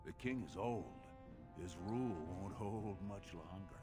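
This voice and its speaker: A man's voice: fairly low pitch, measured pace, natural voice. A man voicing a menacing dwarf crime boss. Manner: threatening, sarcastic. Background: game music.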